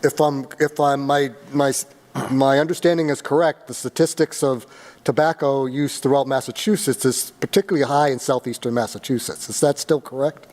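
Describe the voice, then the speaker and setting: A man chairing a city health board meeting, halting and hedging as he speaks. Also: mid-range voice, steady tone, darkish tone, in a large hall. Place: city council chamber.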